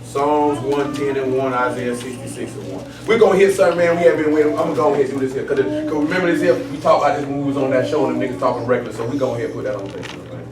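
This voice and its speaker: A man teaching a Bible study in a casual, animated, streetwise way, often asking if listeners follow him. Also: mid-range voice, rapid-fire, hardly any pauses, echoey room, recorded from a distance, a crowd in the background. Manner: animated, streetwise, keeps asking "you know what I'm saying". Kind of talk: casual preaching to a small group.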